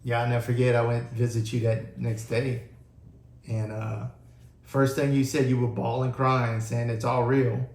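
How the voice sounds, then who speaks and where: A man's voice: medium pitch, little pitch movement, normal speed, darkish tone. A man in a casual sit-down chat who draws out the story with supportive questions and remarks. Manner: supportive, short agreeing replies. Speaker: interviewer. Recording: echoey room.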